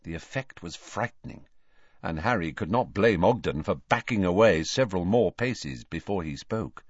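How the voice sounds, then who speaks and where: Brief: male audiobook narrator, expressive pitch, dry lo-fi sound. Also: normal speed, breathy edge, no echo. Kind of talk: scripted narration. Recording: dull dry lo-fi recording.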